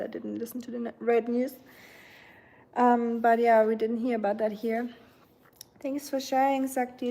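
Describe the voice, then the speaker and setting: Dark-voiced woman chatting. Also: on the high side. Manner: chatty, rambling, with frequent fillers. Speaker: livestream host. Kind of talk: casual chat reading viewer comments.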